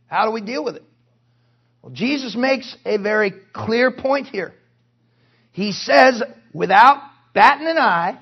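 A man preaching at a conference in a strikingly high, husky voice. He drives his points hard but breaks into wry jokes along the way. The recording sounds dull and lo-fi. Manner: forceful preaching with joking asides. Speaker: pastor. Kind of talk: sermon. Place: conference hall.

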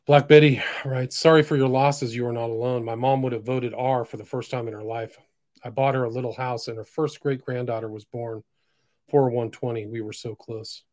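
A middle-pitched man hosts a solo podcast, reading posts aloud at a moderate pace in a mostly flat delivery punctuated by sudden loud, emphatic bursts. The audio is dry and close, with no room sound at all.

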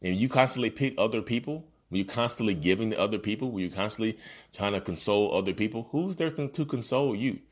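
Deep-voiced man giving earnest advice. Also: quick pace. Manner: earnest and repetitive, addresses listeners as "y'all". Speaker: podcast host. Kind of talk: casual motivational talk. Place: home, about to join a video call.

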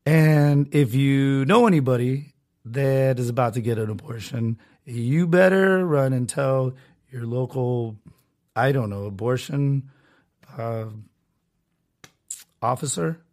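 A man's voice: mid-range voice, takes it slowly, a little mellow. A man hosting a solo podcast, talking in a rambling, sarcastic way with many restarts and asides. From Southern California. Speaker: podcast host.

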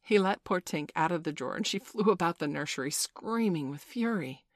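A woman narrating a classic children's story aloud in a gentle, expressive way. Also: lowish voice, a little fast, dry recording.

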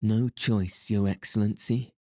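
Man plays grubby old storybook trader; rasping lisp, obsequious, dark dry voice. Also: fairly low pitch, fairly even intonation, a little slow, no echo. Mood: wheedling. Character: elderly grimy male trader, humble and wheedling.

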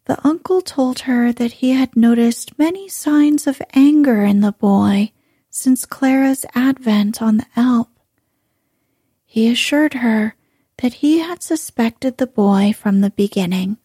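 A woman narrating a bedtime story in a soft, hushed, unhurried voice. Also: on the high side, no echo, studio quality. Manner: slow, hushed, breathy delivery.

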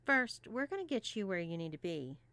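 A woman voicing a bossy young college woman who lays out rules in a calm, clipped, commanding way, read as an audiobook. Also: medium pitch, brisk, no echo. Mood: stern.

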